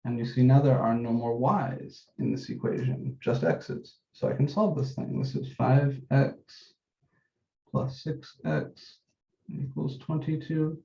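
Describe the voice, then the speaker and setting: A man with a dark, gravelly voice lectures on math in a roomy classroom, and the recording sounds dull and echoey. He walks through each step methodically, repeats the key points, and slows down on the numbers. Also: medium pitch, fairly even intonation. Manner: methodical, repeats key steps, says numbers slowly while writing. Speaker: math instructor.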